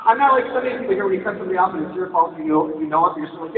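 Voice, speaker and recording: A male stand-up comedian doing a set on stage, telling animated stories and breaking into silly voices. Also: high-pitched, very fast. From Hawaii, raised in Minnesota. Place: stage in a large hall before a live audience. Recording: distant, phone-like echoey hall recording with loud noise.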